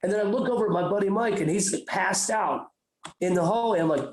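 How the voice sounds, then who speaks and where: A man's voice: sits high, brisk, reverberant, rough recording. A man hosting a podcast, telling a rambling, profane story and acting out the voices of the people in it. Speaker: podcast host. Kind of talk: casual storytelling.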